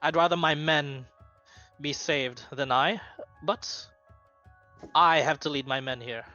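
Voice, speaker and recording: A man's voice: a little high, takes it slowly, sharp tone, highs cut off, soft background music. A man voicing a weary, dutiful male commanding officer who talks in a dry, resigned way. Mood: wry.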